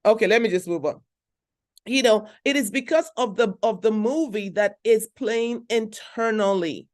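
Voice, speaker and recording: A woman's voice: a little high, normal speed. A woman giving an emphatic motivational talk, repeating her points and checking in with the audience. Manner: emphatic, repeats phrases, asks the audience questions. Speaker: speaker at a conference.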